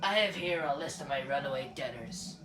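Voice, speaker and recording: A man voicing a scheming male devil who runs a casino, with a slow, drawn-out taunting delivery. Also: medium pitch, animated, recorded from a distance, voice pushed down, close to an everyday voice. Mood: sly. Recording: roomy room, game music behind.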